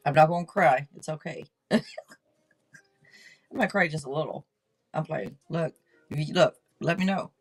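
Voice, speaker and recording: Excitable woman hosting a tarot stream. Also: low voice, normal speed, long pauses, soft background music, low-quality recording. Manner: excitable, swears casually, rambling restarts. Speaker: tarot reader and live stream host. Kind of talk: casual live-stream chat.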